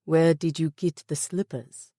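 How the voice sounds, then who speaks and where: A woman's voice: deep voice, steady tone, unhurried, warm tone, dry recording, clean studio sound. A woman reading as a wry army lieutenant man.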